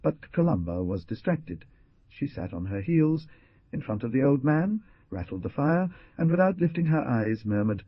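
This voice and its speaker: A man reading a novel aloud as an audiobook narrator, in a measured storytelling manner. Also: mid-range voice, very animated, breathy edge, dry recording, lo-fi sound. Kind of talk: scripted narration.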